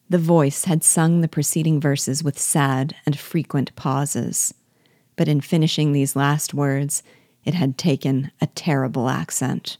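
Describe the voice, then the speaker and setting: Low-voiced woman reading a novel aloud. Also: fairly even intonation, darkish tone, no echo, studio quality. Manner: measured, clear storytelling. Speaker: reader and teacher.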